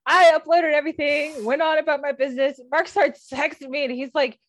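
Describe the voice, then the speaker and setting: A woman in casual podcast chat, sympathetic and quick to agree. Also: high voice, fairly even intonation, no echo.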